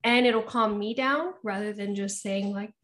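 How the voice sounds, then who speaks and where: Chatting casually about parenting as a podcast co-host, this woman has a medium-pitched, slightly bright voice and speaks at normal speed. Her talk is full of laughter, asides, and frequent "you know"s.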